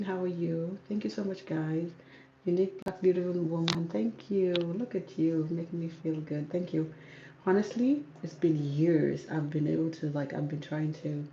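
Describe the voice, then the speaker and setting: Calm soft-spoken woman, gravelly low voice. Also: echoey room, muffled recording, slight background noise. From South Sudan. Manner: calm, soft-spoken, reads out viewer comments. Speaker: YouTuber. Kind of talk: casual livestream Q&A. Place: home room with ring light. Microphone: camera on ring light.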